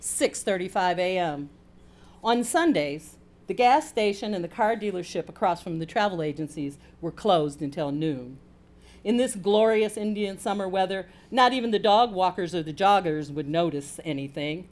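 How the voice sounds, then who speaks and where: A woman from Chicago, an author reading a chapter of her own fiction aloud with a playful, animated manner. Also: lowish voice, moderate pace.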